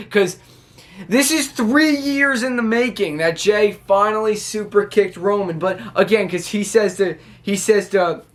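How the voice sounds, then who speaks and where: A man with a notably high speaking voice talks straight to his viewers in a loose, chatty recap. He rambles through fillers and restarts and lights up with excitement as he retells. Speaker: wrestling reaction vlogger. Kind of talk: casual recap to camera.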